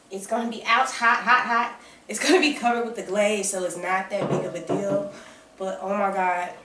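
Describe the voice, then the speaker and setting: A woman with a Southern US accent chatting excitedly and casually while baking in her home kitchen, calling her viewers y'all and baby. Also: medium pitch, far from the mic, a little hiss or hum. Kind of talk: casual chat to camera. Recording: roomy kitchen sound, off-mic.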